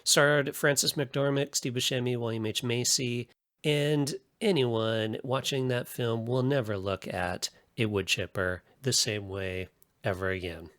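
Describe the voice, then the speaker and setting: A man's voice: medium pitch, fairly even intonation, a little slow, a bit bright, dry recording, studio quality. A man hosting a podcast, giving casual pop-culture commentary in a chatty, opinionated way with frequent asides. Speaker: podcast host.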